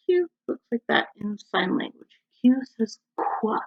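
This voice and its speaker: A woman's voice: on the high side, gravelly, husky. A woman teacher reading a picture book aloud to young children at home, stopping to ask them questions. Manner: slow, animated, asks the children questions. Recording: dull lo-fi recording.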